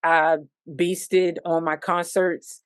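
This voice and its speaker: A woman musician from Virginia tells her story in a casual interview, low-pitched and dry, with no room around her voice. She acts out moments and sings out rhythms as she goes. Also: very slow, smooth, no echo. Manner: animated storytelling, sings out rhythms and sound effects. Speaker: musician guest.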